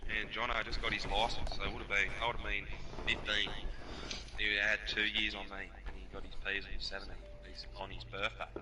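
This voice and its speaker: A man with an Australian accent telling hunting stories on a casual podcast, swearing freely and animated. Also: on the low side, far from the mic, noisy background. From New South Wales, Australia. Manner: profane, animated, laughs while telling stories. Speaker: podcast storyteller.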